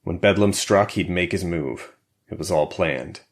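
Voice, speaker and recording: Deep low guy reading a thriller audiobook, calm measured telling. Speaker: audiobook narrator. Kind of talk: scripted narration.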